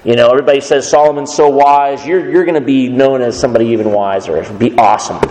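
A man's voice: medium pitch, quick pace, darkish tone, close to an everyday voice. A man voicing a king's brash young male friends, egging him on in a breezy way. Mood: flattering. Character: brash young male buddies of a king, flattering. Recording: echoey hall reverb.

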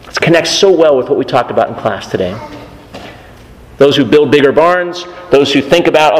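A man's voice: a little high, expressive, normal speed. A man preaching a sermon, earnest, who repeats his key phrases for emphasis. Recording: long reverb of a church hall.

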